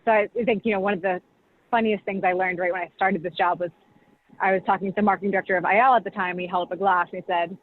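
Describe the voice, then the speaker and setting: A woman's voice: medium pitch, steady tone, racing. Woman, chatty explainer, lots of fillers, phone-like call audio, faint hiss. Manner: chatty, full of "like" and "you know". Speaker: champagne brand director, guest. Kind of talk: casual explanatory talk. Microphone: video call.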